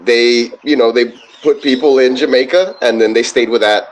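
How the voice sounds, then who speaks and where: A man co-hosting a sports podcast, telling stories in relaxed casual chat. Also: mid-range voice, normal speed, slight background noise. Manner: relaxed storytelling, says "bro". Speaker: podcast co-host.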